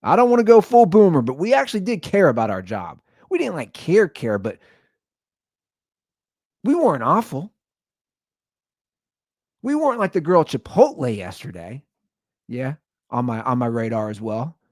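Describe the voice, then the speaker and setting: A man in his thirties or forties hosting a podcast, telling stories in a sarcastic, exaggerated, animated comedic rant. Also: on the high side, moderate pace, long pauses, dry recording, clean studio sound. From Anderson Township, Ohio, USA. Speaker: podcast host.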